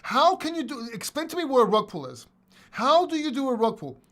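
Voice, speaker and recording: A man hosting a casual livestream chat, animated and emphatic, talking bluntly and swearing now and then. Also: very high-pitched, fairly quick. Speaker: host.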